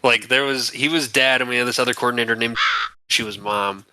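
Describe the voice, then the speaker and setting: A man's voice: medium pitch, fairly even intonation, fairly quick, sharp tone, smooth, dry recording. A man co-hosting a casual podcast, telling crude joking stories to friends. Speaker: podcast co-host. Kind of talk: casual chat.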